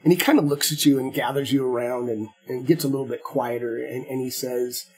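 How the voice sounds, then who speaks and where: Man, game master, husky voice, mid pitch, halting narration with repeated words. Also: steady tone, a little mellow.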